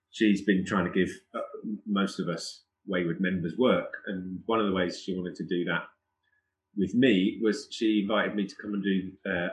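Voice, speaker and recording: A man, a guest musician, telling chatty anecdotes in a casual podcast conversation. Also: sits low. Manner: animated, chatty anecdotes with laughs. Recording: echoey room.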